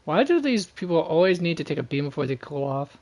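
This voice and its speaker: A man's voice: a little high, sing-song, a little fast, darkish tone. Man reading game lines aloud. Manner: stumbling, restarting mid-line. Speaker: streamer.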